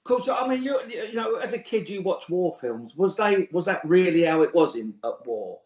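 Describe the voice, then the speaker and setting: The echoey, dull lo-fi recording captures a middle-aged English interview guest with a high, expressive, slightly mellow voice at normal speed. He talks bluntly and scornfully, swears plenty, and laughs at his own stories in this casual chat.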